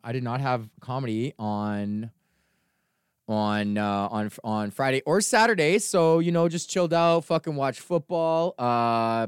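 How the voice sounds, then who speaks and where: A man's voice: mid-range voice, clear, resonant tone, no room sound, clean studio sound. A man hosting his own podcast, telling rambling, profane stories in a casual rant, from Canada. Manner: profane, rambling storytelling with laughs. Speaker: podcast host.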